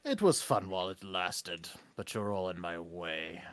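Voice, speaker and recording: A man voicing a menacing male villain, a floating projected face, who speaks slowly and low with a sneer, in a tabletop game. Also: expressive, faint music behind.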